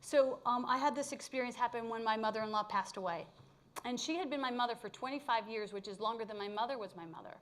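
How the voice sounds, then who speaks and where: A woman's voice: fairly high pitch, quick pace. Candid middle-aged woman spiritual speaker. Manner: candid, animated storyteller with blunt humor. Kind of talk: personal storytelling talk to a congregation. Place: live talk at a spiritual community gathering.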